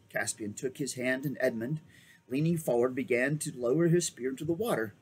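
A man reading a children's novel aloud in an expressive, animated way. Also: medium pitch, fairly quick, faint music behind, rough recording. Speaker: reader. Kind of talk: storybook read-aloud.

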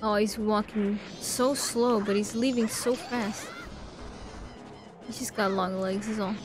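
A woman's voice: mid-range voice, fairly even intonation, a little slow, noisy background. A woman casually commenting on her own gameplay, chatting back at the characters on screen. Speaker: let's play host.

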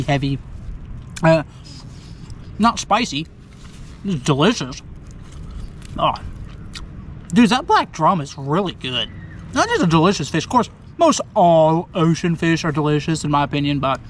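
An upbeat, chatty man vlogging outdoors on the coast, thinking aloud as he cooks and tastes. His voice sits a little on the high side for a man. A faint wash of outdoor noise sits behind him. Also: a bit bright. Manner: upbeat, chatty, talks to himself while deciding. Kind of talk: casual narration to camera while cooking.

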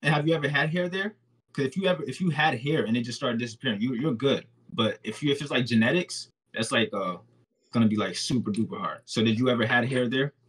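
A young man from Haiti talking casually as a guest, calm and reassuring. His voice is husky and sits at an ordinary pitch. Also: fast talker, rough recording. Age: 20s. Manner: easygoing, reassuring. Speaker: guest, hair oil maker. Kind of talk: casual chat.

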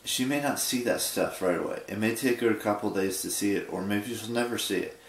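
Male vlogger, 20s, sleepy, halting and rambling, slightly low voice. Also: roomy sound. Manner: rambling, halting, with many restarts. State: sleepy, yawning. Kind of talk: casual late-night vlog monologue.

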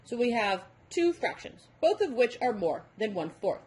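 A woman's voice: fairly high pitch, sing-song, darkish tone, husky. A woman voicing a bossy, teasing male number devil who quizzes a tired boy in a storybook reading. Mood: quizzing. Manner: brisk, coaxing, quizzing.

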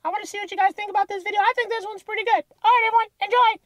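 A woman with a very high, childlike voice, talking in a silly, innocent way for a gaming prank video. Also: fairly even intonation, very fast, echoey room. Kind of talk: casual vlog intro and game chat prank.

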